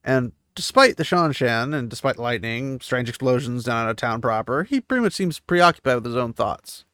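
A man's voice: mid-range voice, lively intonation, moderate pace, a bit bright, smooth, no echo, clean studio sound. Man casually recapping a fantasy book. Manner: paraphrases the text, mixing reading with offhand asides. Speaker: book series recap host.

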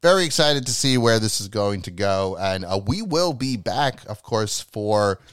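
A man's voice: fairly low pitch, unhurried, smooth, no room sound. A man co-hosting a podcast in casual chat, talking loosely and swearing now and then. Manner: loose, swearing, lively delivery. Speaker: podcast co-host.

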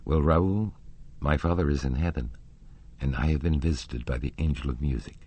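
A man's voice: very deep voice, moderate pace, mellow, husky. A man reading aloud and voicing an earnest, intense young woman singer in a storybook. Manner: pleading, rising to indignant.

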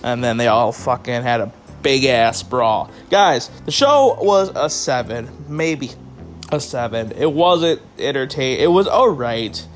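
A tired man hosting a solo podcast, talking loosely and rambling straight to his listeners, with a bit of swearing thrown in. His voice sits at an ordinary middle pitch. Faint music plays quietly behind him. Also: animated, measured pace. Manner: casual, rambling, swears, addresses listeners as guys. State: tired, yawning. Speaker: podcast host. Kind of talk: solo wrestling review podcast.

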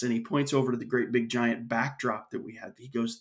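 A man's voice: medium pitch, fairly even intonation, moderate pace, darkish tone. A man speaking as a guest on an interview podcast, earnest and storytelling, often restarting his sentences. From United States. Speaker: guest, association executive.

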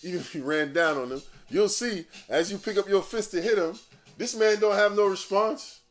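A man hosting a podcast, ranting casually in profane, animated street slang. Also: high voice, normal speed, faint music behind. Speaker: podcast host. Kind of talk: casual rant.

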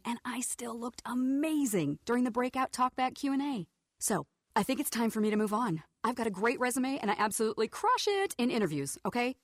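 A woman's voice: a little high, no echo, studio quality. A woman playing a jilted talking business suit. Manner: corporate jargon, wounded and persuasive. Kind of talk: radio ad acting.

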